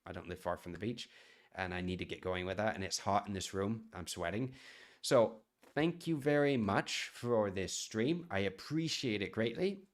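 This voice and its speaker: A man's voice: on the low side, expressive, normal speed. A man from the United States, a chef chatting casually on a live stream and answering viewer questions in a rambling way.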